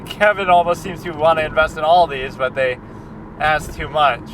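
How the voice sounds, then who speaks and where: A man's voice: on the high side, fairly even intonation, moderate pace. A man in a casual reaction chat as a film critic, rambling and conversational, with lots of fillers and restarts. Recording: distant mic with street traffic noise.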